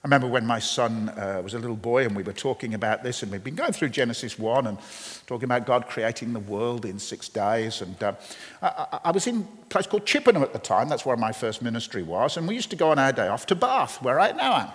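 A middle-aged man preaching a sermon, swinging between loud emphasis and quiet storytelling, often repeating his first words. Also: mid-range voice, lively intonation, quick pace. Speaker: pastor. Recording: reverberant hall.

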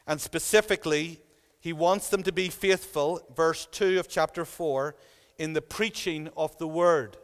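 Man preaching, high voice, earnest, emphatic repetition, echoey church hall. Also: fairly even intonation, measured pace. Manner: earnest, emphatic, repeats phrases for weight. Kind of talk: sermon.

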